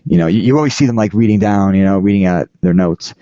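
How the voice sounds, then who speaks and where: Male podcast host, low mellow voice with a lively pitch, halting and rambling, dry lo-fi sound. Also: no room sound. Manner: halting, rambling, frequent restarts. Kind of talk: casual chat.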